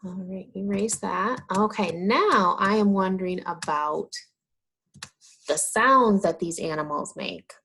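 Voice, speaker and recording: A woman teaching young children, asking questions about farm animals and answering them in a drawn-out, encouraging way. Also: medium pitch, sharp tone, a little hiss or hum. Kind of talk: slow, sing-song teaching of young children.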